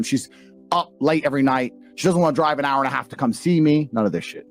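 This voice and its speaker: A man's voice: medium pitch, fast, vocal fry, faint music behind. A man with a British accent, telling stories in a brash, profane, boastful way as a podcast guest. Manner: profane, boastful, animated storyteller. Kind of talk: brash storytelling chat.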